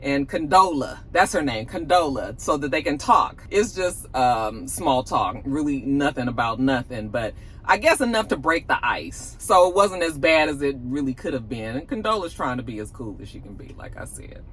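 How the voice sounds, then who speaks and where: A woman's voice: a bass voice, very animated, moderate pace, a bit bright, a little hiss or hum, low-quality recording. A woman recapping a TV episode in a chatty, slangy way, laughing often. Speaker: TV episode reviewer. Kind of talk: casual TV recap.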